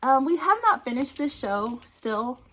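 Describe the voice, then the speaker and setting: A woman's voice: high-pitched, animated, slow, sharp tone, a little hiss or hum. A woman, chatting casually in a book vlog at home, talking into a phone camera, laughing often. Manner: chatty, laughs often, distracted by her dog. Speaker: book vlogger. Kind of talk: casual monthly favorites vlog.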